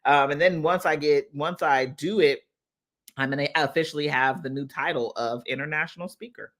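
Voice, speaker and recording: A business mindset coach with a low-pitched, fairly bright voice talks casually to her followers on a live stream at normal speed. She's emphatic and heartfelt, repeating phrases for effect.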